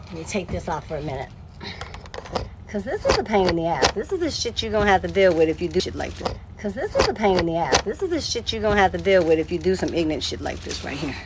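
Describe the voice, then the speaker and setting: A woman chatting casually in a DIY vlog, swearing freely and poking fun at herself. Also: mid-range voice. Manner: salty, self-deprecating, swears freely. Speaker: vlogger. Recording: loud background noise.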